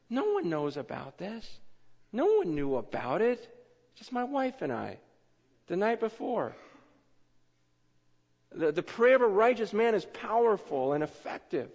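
A man preaching a sermon, telling stories in an excitable way with many fillers and restarts. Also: sits high, a little slow, pauses often. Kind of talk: sermon storytelling. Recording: echoey hall, dull lo-fi sound.

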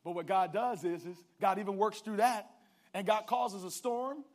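A man preaching a sermon, calling out to the congregation and swinging from hushed asides to shouted climaxes. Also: high voice. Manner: calls out to the congregation.

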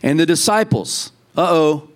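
A man's voice: on the high side, expressive, measured pace. A man preaching a sermon to a congregation in a conversational way, acting out the voices of the people in the story. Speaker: pastor.

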